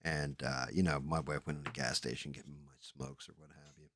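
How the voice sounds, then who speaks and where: Man, very low voice, from the American Northeast, rambling storyteller, swears a lot, casual chat. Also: steady tone, a little fast, a bit bright, no room sound, studio quality. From Northeastern United States. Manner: rambling anecdotes with fillers and profanity.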